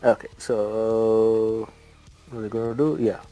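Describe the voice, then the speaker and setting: A man's voice: on the low side, little pitch movement, unhurried, mellow, faint music behind, rough recording. Casual male tabletop player. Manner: casual, narrating his action.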